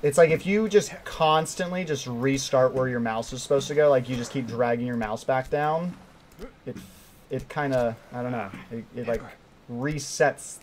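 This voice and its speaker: Speaking at normal speed with a medium pitch, a young streamer provides live commentary on a climbing game. He gets excited, yelping and shouting when something startles him, and talks to his chat and himself between plays, over faint background noise.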